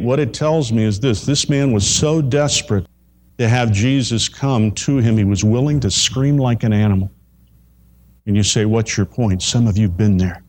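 A pastor preaching a sermon, slowing down and repeating phrases for emphasis. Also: male voice, fairly low pitch, darkish tone. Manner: slows down to stress key phrases, repeats lines for effect.

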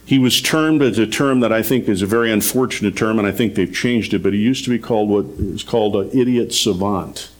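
A man's voice: lowish voice, brisk, few pauses. A man preaching a radio sermon, telling a story earnestly and rising in emphasis on his key points.

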